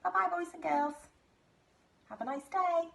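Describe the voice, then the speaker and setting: A woman teaching a phonics lesson to small children, talking in a slow, exaggerated, sing-song way. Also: extremely high pitch, creaky. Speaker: nursery teacher.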